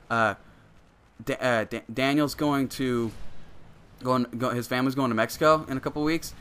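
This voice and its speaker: A man's voice: mid-range voice, fairly even intonation, fairly quick, a bit bright. A man in his twenties hosting a show, telling a story in a casual, rambling way, swearing freely and laughing often. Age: 20s. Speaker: show host.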